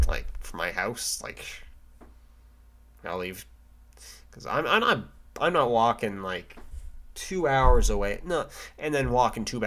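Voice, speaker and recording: A man's voice: on the low side, pushed and bright. Rambling young man venting casually. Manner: rambling, stammering, frequent restarts and fillers, swears; mock voices for quoted people. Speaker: vlogger. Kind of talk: casual rant to camera.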